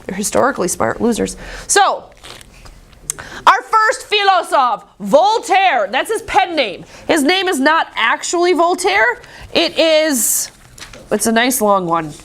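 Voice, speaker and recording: A woman's voice: high voice, a bit bright. A woman teaching a history class in a classroom, chatty and joking, acting out quoted voices. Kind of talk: casual classroom lecture.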